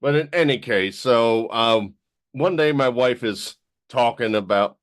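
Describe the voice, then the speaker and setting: A man co-hosting a podcast, telling stories in a relaxed chatty way. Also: medium pitch, a little slow, dry recording. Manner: storytelling, easygoing. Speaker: podcast co-host. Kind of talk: casual chat.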